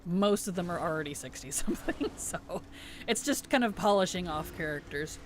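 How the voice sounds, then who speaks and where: A man's voice: high-pitched, animated, moderate pace, a little hiss or hum. A man chatting casually on a game live stream, answering viewer chat with easy laughs. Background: background music.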